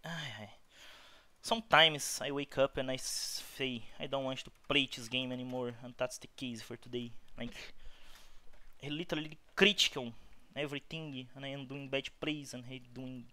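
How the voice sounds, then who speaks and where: A man's voice: medium pitch, steady tone, moderate pace, sharp tone. A young man with a Brazilian Portuguese accent, giving rambling live commentary on his own game, talking to himself and swearing a lot. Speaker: gamer.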